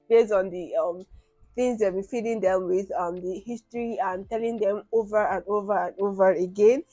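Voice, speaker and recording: A woman's voice: mid-range voice, dark tone, no echo, poor audio. Reaction host, woman. Casual, chatty, mid-range voice, dry close sound. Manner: chatty, thinking aloud with frequent fillers. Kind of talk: casual commentary.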